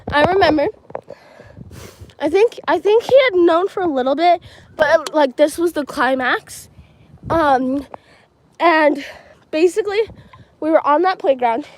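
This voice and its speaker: A woman's voice: high-pitched, slight background noise, poor audio. Chatty teen girl livestreaming outdoors. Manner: chatty, rambling, full of "like" and "um". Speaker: livestreaming vlogger. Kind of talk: casual storytelling livestream. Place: outdoors at a school field and playground. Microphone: handheld phone.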